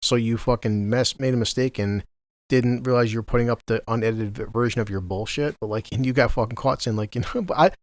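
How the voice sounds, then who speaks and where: A man in his thirties rattles off a profane, laughing rant on a casual podcast. He talks fast, at an ordinary pitch. The sound is dry and close. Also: no echo. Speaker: podcast co-host.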